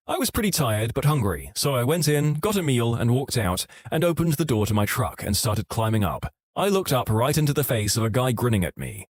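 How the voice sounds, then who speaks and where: A man narrating online stories in a steady, scripted storytelling delivery. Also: mid-range voice, dry recording, clean studio sound.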